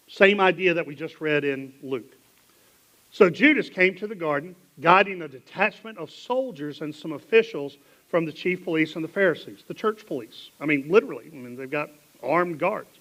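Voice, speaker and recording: Animated Southern pastor preaching. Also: male voice, on the high side, moderate pace, poor audio. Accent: Southern American. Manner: animated, dramatic Bible reading with sudden drops to hushed asides. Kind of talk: sermon. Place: church sanctuary.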